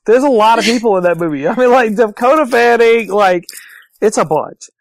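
A man's voice: high-pitched, normal speed, no echo. A man hosting a podcast in casual chat, with a playful, rambling, jokey manner. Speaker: podcast host.

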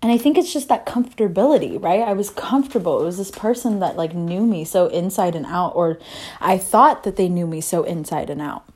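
A woman's voice: lowish voice, a little fast, darkish tone, husky. Candid woman rambling about her breakup. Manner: candid, rambling, swears freely. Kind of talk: casual personal vlog monologue. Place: moving between rooms at home.

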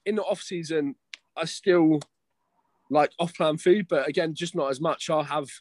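A man's voice: fairly high pitch, moderate pace, dry recording. A young man chatting casually as a guest, rambling, swearing and calling everyone mate and bro. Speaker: guest, competing bodybuilder. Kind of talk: casual chat.

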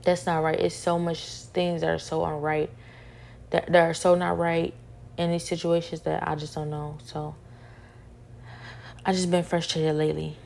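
A young woman with a low, gravelly voice speaks in a flat, steady tone. She vents her frustrations in a personal monologue, circling back and repeating each point over and over. Her tone is dark and mellow. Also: unhurried, pauses often, slight background noise. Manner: repetitive, frustrated, restating each point several times. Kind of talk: venting monologue.

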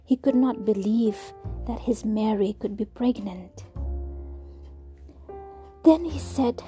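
A woman storyteller whispering her way through a narrative, each line soft and hushed. Her voice is slightly high yet very dark and mellow, unhurried, with faint music underneath. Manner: soft, slow whispered reading.

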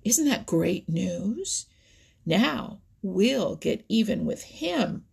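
A woman voicing an excited, boastful young male otter in a storybook reading, with a husky, gravelly voice. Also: medium pitch, very slow, exaggerated voice. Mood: gloating. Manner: eager, boastful, drawls for effect.

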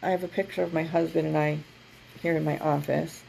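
A woman sharing a story in casual chat from her office, animated and breaking into laughter as she acts out what others said. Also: low-pitched, brisk, vocal fry, slight background noise, rough recording. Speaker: podcast co-host.

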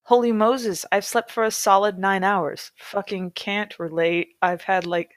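A woman hosting a comedy podcast, reading a story aloud and breaking in with wry, deadpan asides. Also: medium pitch, unhurried, no echo. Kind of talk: reading aloud with sarcastic commentary.

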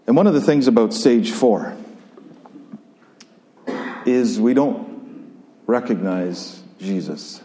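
A man preaching a sermon and reading scripture, reflective and conversational, pausing and repeating himself as he thinks aloud. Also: on the low side, dark tone. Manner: reflective, conversational, with pauses and repetitions. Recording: long hall reverb.

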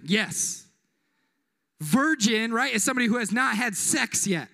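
A man's voice: very high voice, moderate pace, gravelly, sharp tone. A young man preaching a casual, joking sermon as youth pastor, full of slang and asides. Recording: echoey hall.

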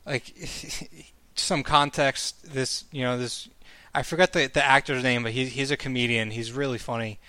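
A man's voice: medium pitch, fairly even intonation, unhurried, pushed and bright, no echo. A man chatting casually as a podcast co-host, rambling and swearing freely as he laughs at his own stories. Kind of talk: casual chat.

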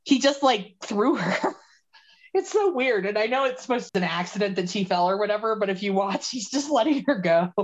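A woman co-hosting a podcast, recapping a movie in casual chat, animated and laughing as she quotes the characters. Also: medium pitch, normal speed, lo-fi sound. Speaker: podcast co-host.

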